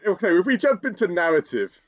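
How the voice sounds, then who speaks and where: A man's voice: high-pitched, sing-song, a little fast. A man co-hosting a podcast in casual chat, often restarting his sentences and laughing. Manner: hesitant, many restarts and laughs. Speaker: podcast co-host.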